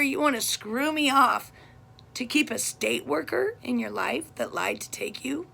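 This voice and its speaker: A woman's voice: high voice, lively intonation, measured pace, gravelly, sharp tone, husky. A middle-aged woman talking straight to camera about her family, blunt and heated as she vents. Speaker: vlogger. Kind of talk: casual personal monologue.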